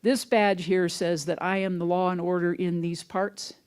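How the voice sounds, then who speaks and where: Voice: mid-range voice, little pitch movement, normal speed, a little mellow, clean tone, lightly acted. A minister voicing a blustering lawman. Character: angry officer laying down the law.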